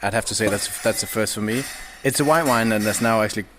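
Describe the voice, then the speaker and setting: A man, a podcast guest chatting casually and haltingly, with many restarts and fillers. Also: fairly low pitch, a bit bright, slight background noise. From Denmark. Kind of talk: casual chat. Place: indoors, over drinks.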